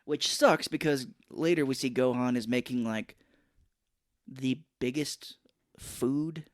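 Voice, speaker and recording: A man co-hosting a podcast, talking through a film scene by scene in a loose, joking way. His asides are sarcastic, and he slips into short character impressions. His voice sits at an ordinary middle pitch, and the recording is close and dry. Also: slow, dry recording. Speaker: podcast co-host. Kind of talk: casual chat.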